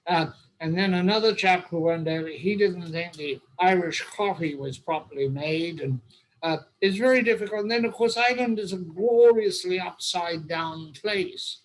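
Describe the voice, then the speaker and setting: A man's voice: high voice, moderate pace, low-quality recording. Older English man telling wry stories. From England. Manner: wry, humorous raconteur. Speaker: host. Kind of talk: anecdotal storytelling.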